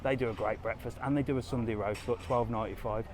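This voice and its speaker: On a walk down an outdoor resort street, a travel vlogger hosts his live stream, chatting easily and reading viewer comments aloud. He talks fast in a mid-range voice with fairly even intonation, sounding easygoing and addressing viewers directly. There's slight background noise.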